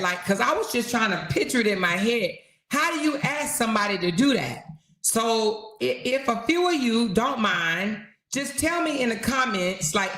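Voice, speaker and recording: Chatty bright-voiced woman host. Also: on the high side. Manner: animated, chatty, laughs often, addresses viewers directly. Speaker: host of a live talk stream. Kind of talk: casual gossip chat with live viewers.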